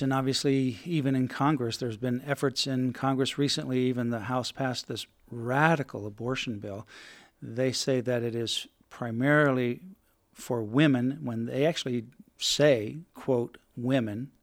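Forceful male host. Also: medium pitch. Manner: argumentative and forceful. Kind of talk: interview talk.

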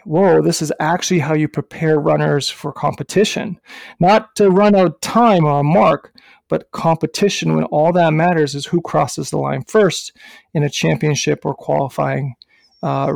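A man with a raised, gritty voice recounts a story in a loose, animated way, full of filler words and the odd curse. He is a running coach co-hosting a podcast. His voice sits close and dry in the mic. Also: fairly high pitch, vocal fry, dry recording. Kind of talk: casual storytelling.

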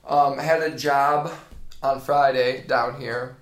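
A man's voice: medium pitch, fairly even intonation, slow pace, echoey room. A man in his thirties from Indiana, a personal trainer chatting as a podcast guest in a rambling, laid-back way with lots of fillers. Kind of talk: casual interview chat.

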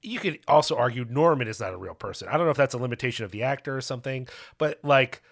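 A man co-hosting a film podcast, chatting casually and animatedly, swearing and talking in quick bursts. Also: mid-range voice, vocal fry. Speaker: podcast co-host. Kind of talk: casual chat.

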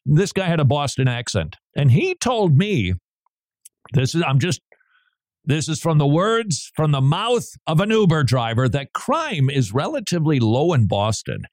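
A man's voice: on the high side, very animated, measured pace, darkish tone. A male radio host in casual on-air banter, his voice rising and falling with plenty of expression. He drifts from story to story and chuckles between remarks. The sound is close and dry, with no room echo. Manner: chatty and digressive, laughs between remarks.

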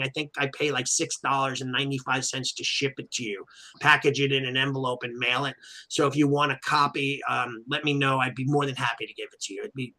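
A man co-hosting a casual podcast, an animated storyteller who acts out quotes and fills his talk with "you know". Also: mid-range voice. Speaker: podcast co-host and martial arts school owner.

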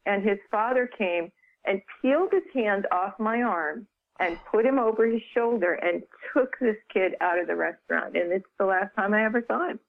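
A woman's voice: medium pitch, moderate pace, creaky. Chatty woman on a phone line. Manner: chatty, lively retelling with many "you know"s. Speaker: author and guest. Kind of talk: casual storytelling interview.

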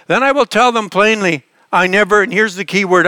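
A man's voice: sits high, a little fast, few pauses, sharp tone, dry recording. A man preaching a sermon, earnest and emphatic, asking the listeners questions and often restarting his phrases. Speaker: pastor.

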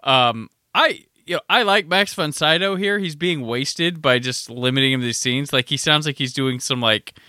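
A man's voice: a little high, moderate pace, few pauses, bright, forceful tone, no room sound, studio quality. A man hosting a podcast, chatting casually and animatedly about a film, with a rambling style full of "like". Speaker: podcast host.

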